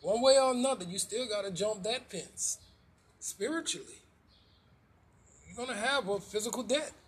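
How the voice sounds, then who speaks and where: A man's voice: high voice, expressive, moderate pace, slightly rough. A man preaching informally, firing rhetorical questions, restarting phrases and dropping slangy asides.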